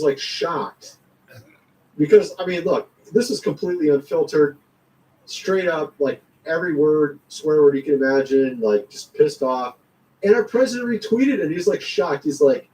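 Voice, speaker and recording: Casual vlogger, man, higher voice, rambling slangy delivery, sits a bit off-mic. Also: animated, measured pace, a little mellow, far from the mic, poor audio. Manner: rambling, slangy, chuckles often. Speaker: commentary vlogger. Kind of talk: casual political commentary.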